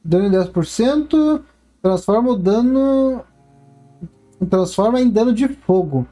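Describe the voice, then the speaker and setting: A woman's voice: a little high, lively intonation, normal speed, warm tone. Brazilian woman musing through gameplay. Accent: Brazilian Portuguese. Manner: musing aloud to herself. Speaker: gaming streamer. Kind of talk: casual gameplay commentary.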